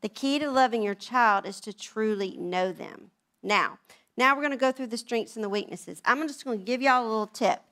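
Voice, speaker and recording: Older woman, a little high-pitched, animated storyteller doing family voices for a moms' group. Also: moderate pace. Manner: animated, acts out family dialogue in changing voices. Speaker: speaker at a moms' event. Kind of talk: talk to an audience, storytelling.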